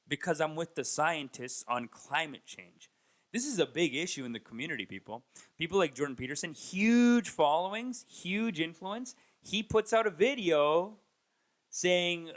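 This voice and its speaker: A comedian in his thirties talks in a loose, rambling monologue with plenty of restarts. His voice sits slightly higher than most men's. He keeps slipping into mocking impressions that come out louder and higher. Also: very animated, a little slow. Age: 30s. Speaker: comedian and podcast host. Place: Toronto.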